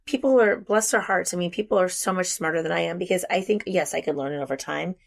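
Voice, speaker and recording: A chatty woman from the United States, talking in a relaxed podcast conversation. Her voice sits low with a gravelly fry at phrase ends, and she rambles through stories with quick asides. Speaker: realtor guest.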